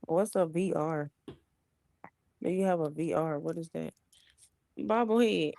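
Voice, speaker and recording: Young mom talkin to her stream, low gravelly voice, super dry, laid back chat. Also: unhurried, warm tone, dry recording. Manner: chatty, talks to viewers while burping a baby. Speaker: livestreamer. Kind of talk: casual livestream chat.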